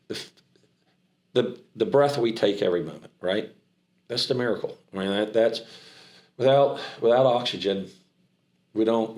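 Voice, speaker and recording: A middle-aged American man with a trace of a Southern accent, telling stories in an animated, rambling way and often restarting his sentences. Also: fairly low pitch, reverberant. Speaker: charity founder and auctioneer. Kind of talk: casual interview talk.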